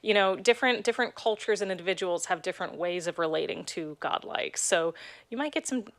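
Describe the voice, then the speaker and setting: Measured woman explaining a game, dry sound. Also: on the low side, no room sound. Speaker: game director. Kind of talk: explaining a game in a preview video.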